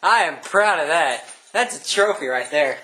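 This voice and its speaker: A woman chatting casually outdoors while setting off fireworks, excitable, swearing and laughing often. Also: low voice, moderate pace. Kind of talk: casual chat. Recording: echoey, from off-mic, loud firework noise.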